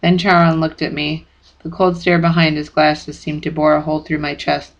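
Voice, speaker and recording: Brief: steady first-person audiobook narrator, gravelly tone, lo-fi recording. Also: medium pitch, moderate pace.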